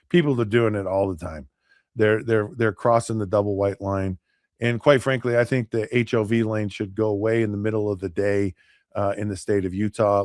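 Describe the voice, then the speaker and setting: A man hosting a podcast, telling a story in a casual, animated way, often repeating and restarting words and acting out both sides of a conversation. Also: lowish voice, dry recording, studio quality. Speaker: podcast host.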